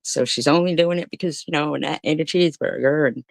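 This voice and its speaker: Gravelly, mocking woman streamer. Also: deep voice, fast talker, dry recording. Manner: blunt, profane, mocking retorts. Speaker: commentary streamer. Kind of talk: heckling commentary.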